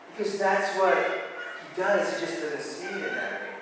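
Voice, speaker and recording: A man's voice: high voice, wildly swooping pitch, a little slow, noisy background. A man preaching a sermon, talking to the congregation in a conversational way with relatable asides. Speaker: pastor. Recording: echoey hall, voice from far off.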